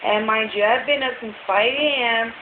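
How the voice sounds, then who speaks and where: An exhausted woman chats casually to her viewers, rambling and packing her talk with fillers. Her voice sits at an ordinary middle pitch. It is captured as thin, phone-like audio with steady hiss in an echoey room. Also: moderate pace. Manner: rambling, chatty, many fillers. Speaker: vlogger. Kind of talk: casual chat.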